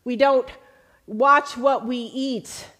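A woman pastor delivering a sermon at an unhurried, measured pace, with a voice that sits a little on the high side. She quotes scripture slowly and deliberately and rises into earnest, emphatic questions for her listeners. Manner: earnest preaching, rising to lively emphatic questions; slow, deliberate quoting of scripture.

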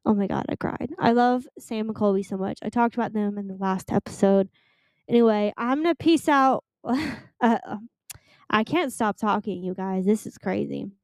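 A young woman hosting a solo podcast, chatting casually in a gushing, rambling, excitable way. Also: medium pitch, moderate pace, no room sound, studio quality. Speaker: podcast host.

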